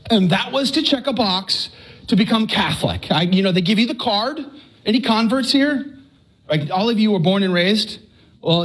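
Man from Texas, middle-aged, high-pitched voice; animated storyteller with restarts, giving a live faith testimony. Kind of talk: live personal testimony talk.

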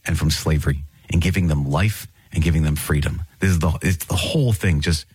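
Low husky male voice, earnest podcast teaching, dry close sound. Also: fairly quick, no echo. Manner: earnest, animated storytelling, laughs between phrases. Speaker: priest, podcast host. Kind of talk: podcast teaching on scripture and catechism.

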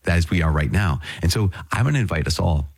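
A man leading a prayer and giving a relaxed, conversational Bible reflection as a pastor. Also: low voice, fairly quick, husky, no echo. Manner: conversational, with light laughs and restarts.

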